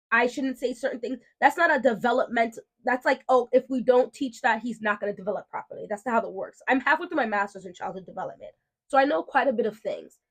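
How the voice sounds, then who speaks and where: A woman telling a story in a casual vlog, firm, emphatic and outspoken, like a protective mom setting things straight. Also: fairly high pitch. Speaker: mom and beauty vlogger.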